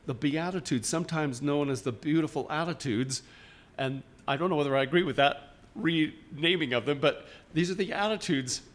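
A man preaching a sermon in a church, informal and questioning, often restarting his sentences. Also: a little high. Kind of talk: conversational sermon.

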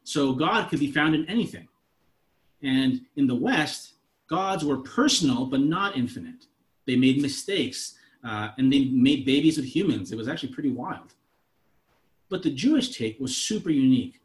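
A man in his thirties, a pastor, preaching a conversational sermon that moves between soft asides and emphatic lines. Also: mid-range voice, animated, normal speed.

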